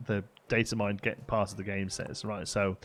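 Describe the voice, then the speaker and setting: A man's voice: fairly low pitch, normal speed. A man casually commenting on his own gameplay during a live stream, chatting with viewers and answering their messages. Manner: relaxed, chatty, reads chat aloud and answers it.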